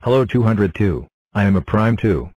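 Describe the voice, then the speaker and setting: A man voicing a low, flat talking number block. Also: normal speed, no echo, rough recording. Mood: plain. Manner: announces itself in short flat sentences.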